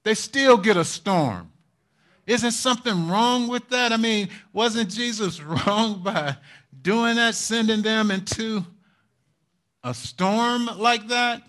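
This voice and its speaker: A man preaching a sermon in a high voice. He speaks slowly and deliberately, repeating key phrases for emphasis. He often turns to his listeners for agreement and laughs lightly between points. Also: fairly bright tone. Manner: repetitive, asks the congregation for responses; chuckles often while preaching. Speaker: pastor.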